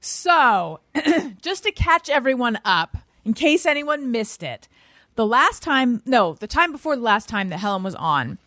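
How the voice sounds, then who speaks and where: A woman hosting a podcast, animated and quick to laugh. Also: a little high, no room sound, studio quality. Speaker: podcast host. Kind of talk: casual podcast chat.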